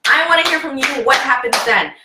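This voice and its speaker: A woman's voice: high voice, lively intonation, a little fast, far from the mic, noisy background. A woman hosting a casual discussion panel, posing questions and acting out scenarios. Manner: leads the talk, poses questions, acts out scenarios. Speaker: host. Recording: echoey room, off-mic.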